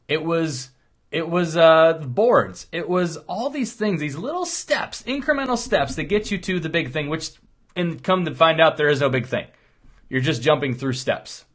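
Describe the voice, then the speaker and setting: This middle-aged chiropractor's voice is fairly high-pitched and a bit bright. He delivers a motivational monologue that is rambling, earnest, casual and full of storytelling.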